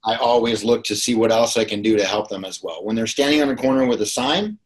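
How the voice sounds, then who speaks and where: A man's voice: on the low side, fast talker, low-quality recording. A man in casual podcast chat, telling stories in a blunt, profane way. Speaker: guest.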